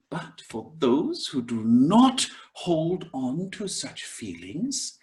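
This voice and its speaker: A man teaching as a spiritual teacher, giving a commentary on a scripture and sometimes chanting verses in an ancient language. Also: medium pitch. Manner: slow, animated delivery with chanted Pali recitation.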